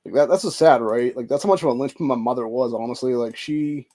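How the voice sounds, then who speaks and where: A man's voice: mid-range voice, fast, mellow. A man in his forties venting in a rambling, profane monologue, emotional and stressed out. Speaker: vlogger.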